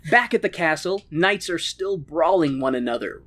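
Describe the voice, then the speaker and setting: A podcast co-host who recaps a film casually, with crude jokes and asides. The voice swings lively up and down as the story is told. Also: medium pitch, moderate pace, few pauses. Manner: crude, joking, animated storytelling.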